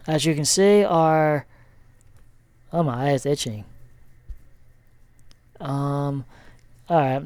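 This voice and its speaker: Man, sports vlogger, casual recap; smooth clear voice, unhurried, chatty and full of fillers. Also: a little high, darkish tone, no echo. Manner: rambling, many fillers and self-corrections. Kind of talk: casual sports recap over a shared screen.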